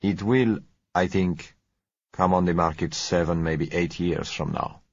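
A suave, soft-spoken oil seller, as a male reader puts him on, calm and unhurried in his polite manner. His low, husky tone is muted and a little slowed. It comes through a dull, muffled audiobook recording. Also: dry recording, exaggerated voice. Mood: smooth.

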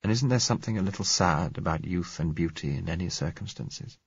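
A man reading a novel aloud as audiobook narrator, in measured, reflective first-person narration. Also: sits low, expressive, vocal fry, breathy edge, no room sound, highs cut off.

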